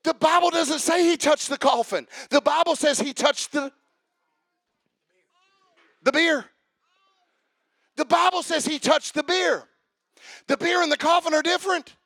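A man preaching a sermon, joking with the congregation and building to shouted emphasis. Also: very high-pitched, measured pace, long pauses, no room sound. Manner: humorous, calls out to the congregation.

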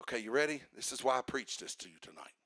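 A man preaching a sermon to a congregation, building to fervent shouts and calling for responses. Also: medium pitch, animated, fast talker, no echo, studio quality. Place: church service.

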